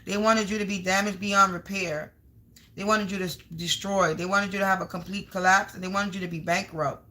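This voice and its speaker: A woman doing a live spiritual card reading, speaking emphatically and piling up synonyms one after another. Her voice is bright and forward. She mixes blunt profanity into otherwise plain, mid-pitched speech. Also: steady tone, a little fast, rough recording.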